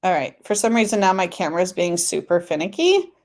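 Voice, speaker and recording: A woman's voice: fairly low pitch, very animated, fast talker. Woman doing a chatty tarot livestream, giggles a lot, reads comments out. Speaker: tarot live stream host. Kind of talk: casual live stream chat.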